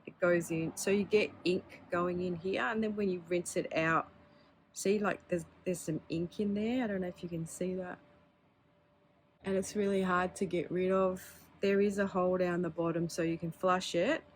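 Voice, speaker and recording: A chatty woman, talking candidly through a casual show-and-tell. Her voice sits a little low. A faint hum of room ambience runs underneath. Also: fairly even intonation, normal speed. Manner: chatty and candid, with filler words and laughs. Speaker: pen hobby vlogger.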